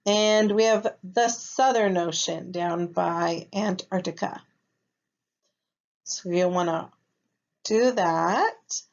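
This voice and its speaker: A woman gives a recorded lesson to young children at an unhurried, careful pace. She speaks patiently and keeps checking that her students are following. The recording sounds a little dull and lo-fi. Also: fairly low pitch, vocal fry. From United States. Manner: patient, slow, checks in with "okay?". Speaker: first grade teacher.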